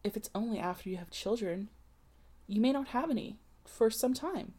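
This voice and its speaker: A woman's voice: on the high side, animated, normal speed, mellow, breathy edge. A woman reading a novel aloud, voicing a proper young married woman who coaxes and frets over her cousin. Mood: coaxing. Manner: fussy, coaxing, shocked.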